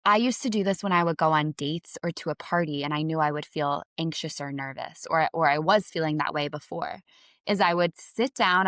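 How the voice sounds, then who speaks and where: A woman confidence coach talking in a chatty, relaxed way, with lots of casual fillers, in an advice vlog. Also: fairly low pitch, no echo, clean studio sound.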